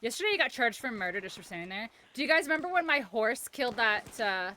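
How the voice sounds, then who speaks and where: A woman's voice: fairly high pitch, expressive, fast talker, pushed and bright. A young woman streaming a game, joking, swearing and laughing as she plays. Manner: profane, joking, laughs often. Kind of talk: live gameplay commentary.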